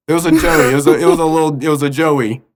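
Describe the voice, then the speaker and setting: Young man telling a rambling absurd story. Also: fairly high pitch. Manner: rambling, laughs through his own story. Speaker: podcast co-host. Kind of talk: casual comedic storytelling.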